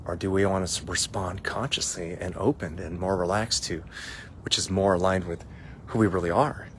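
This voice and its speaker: A man coaching his audience with a calm, reflective story, talking softly and pausing often with fillers. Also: sits low, slight background noise. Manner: soft, relaxed, reflective, many fillers. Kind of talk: spiritual storytelling talk.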